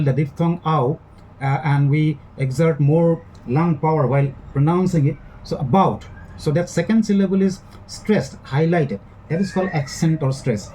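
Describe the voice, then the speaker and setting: A man giving a classroom lecture, speaking in a measured way that repeats and rephrases each point. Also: on the high side, mellow, a little hiss or hum, rough recording. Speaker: English literature lecturer.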